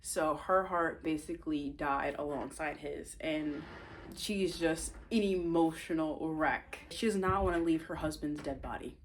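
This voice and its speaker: A woman with a somewhat low voice retells the plot of her own novel in a casual, rambling way. She interrupts herself often and teases viewers with playful asides. A faint noise sits under the recording. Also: unhurried. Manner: chatty and animated, rambling, self-interrupting.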